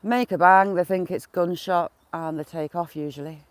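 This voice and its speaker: Out in a yard by a field, a smallholder does chores and chats casually on a live stream, addressing both animals and viewers with mild swearing; birds and chickens fill the background. The mid-range voice sounds smooth and steady at a moderate pace, with no echo.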